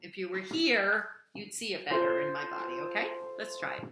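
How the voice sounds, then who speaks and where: A woman's voice: medium pitch, sing-song, brisk. A woman voice teacher giving a singing lesson over video, coaxing her student with pet names and sung demonstrations. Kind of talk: online singing lesson, demonstrating vocal exercises. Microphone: camera framed at chest height. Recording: echoey room with loud piano.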